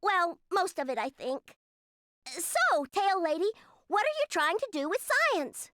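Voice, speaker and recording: A hyper, dim-witted young cat girl meows and chatters in a very high, bright voice. She drags her words out slowly and her pitch bounces wildly. The recording is close and dry. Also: sing-song, no echo, full character voice. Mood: playful. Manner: childlike, bubbly, meows.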